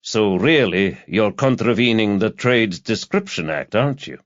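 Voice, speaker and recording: A weary middle-aged detective, read by a male narrator, low-voiced and dry, needling with quiet mockery. The audio is dull and lo-fi and sounds close and dry. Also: lively intonation, measured pace, no room sound. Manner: dry, mocking, low-key.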